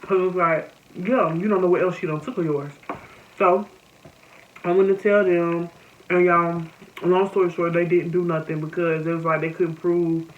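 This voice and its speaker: Young Southern American woman telling a story. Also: fairly low pitch. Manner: animated, addresses viewers as y'all. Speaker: vlogger. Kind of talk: casual storytime chat. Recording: slightly muffled with faint noise.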